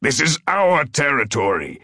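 A man voicing a massive, fierce dark tabby tomcat warrior who growls his commands, in a storybook reading. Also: on the low side, lively intonation, a little slow, no room sound, studio quality. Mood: commanding.

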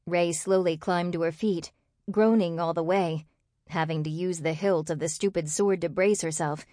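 A woman narrating a novel in a steady, expressive reading voice. Her pitch sits on the low side, and the recording is dry and close-miked. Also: normal speed, no echo. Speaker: audiobook narrator. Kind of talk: scripted narration.

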